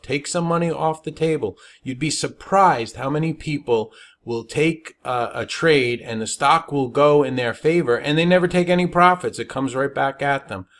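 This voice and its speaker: A man's voice: mid-range voice, fairly bright tone. A man teaching stock trading in a webinar, talking emphatically and checking in with "all right?" after his points. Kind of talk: webinar presentation.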